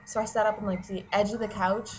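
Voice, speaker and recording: A woman's voice: medium pitch, flat delivery, quick pace, highs cut off. Young female student vlogger, exasperated casual rant, profane, filler-heavy. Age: young adult. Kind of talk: casual ranting vlog.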